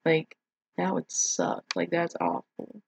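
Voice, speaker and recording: A woman's voice: sits low, very animated, slow pace, creaky, slightly rough. A woman in a casual discussion, speaking frankly and with strong opinions, saying "like" often.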